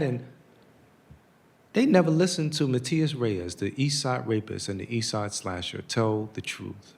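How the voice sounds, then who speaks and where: A man's voice: medium pitch, a little slow, creaky, a little mellow. Earnest man telling a story. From United States. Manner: earnest, storytelling, acts out quotes. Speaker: guest speaker. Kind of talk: conversational public talk.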